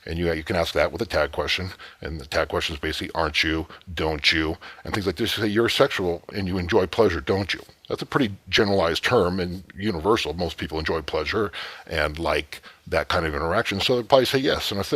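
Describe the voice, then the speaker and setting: Deep husky-voiced man coaching. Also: dry recording. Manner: slow, suggestive, drops to a hushed murmur. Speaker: dating coach. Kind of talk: instructional talk with acted example lines.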